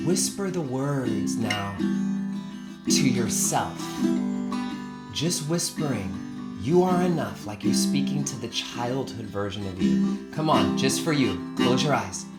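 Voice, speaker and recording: A man hosting a live online spiritual session, gently encouraging his audience to join in. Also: medium pitch, roomy sound. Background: guitar playing.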